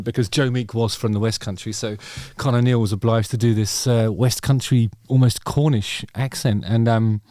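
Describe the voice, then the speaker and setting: A man chatting through a song in a loose, wry way, full of ums and casual swearing. His voice sits at an ordinary pitch. The mic is close and dry. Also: steady tone, moderate pace, few pauses, a little mellow, no room sound. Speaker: channel host. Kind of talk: casual reaction commentary.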